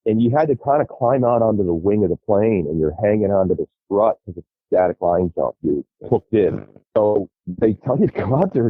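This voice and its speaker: A middle-aged man telling wild stories as a podcast guest, animated and profane, laughing as he goes. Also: low voice, husky, no echo. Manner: lively, profane, laughs through his stories. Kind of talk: animated storytelling. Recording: tinny phone-like line.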